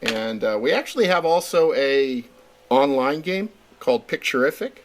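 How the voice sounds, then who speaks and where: A man's voice: medium pitch, animated, normal speed. A middle-aged Californian man, a game designer interviewed as a guest, talking with enthusiasm and stammered repeats. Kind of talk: casual interview chat.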